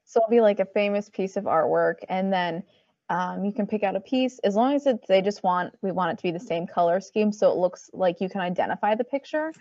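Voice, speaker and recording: A woman's voice: medium pitch, fairly quick, darkish tone, no echo, muffled recording. A woman library staffer and story time presenter chatting casually, eager and a little apologetic, with lots of fillers. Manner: enthusiastic and a bit apologetic, filler-heavy. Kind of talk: casual podcast chat.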